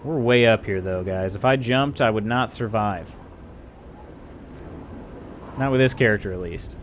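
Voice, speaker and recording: A man's voice: on the low side, measured pace, slight background noise. A man streaming a game live, chatting casually and thinking aloud to his viewers. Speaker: gaming streamer. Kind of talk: casual live gameplay commentary.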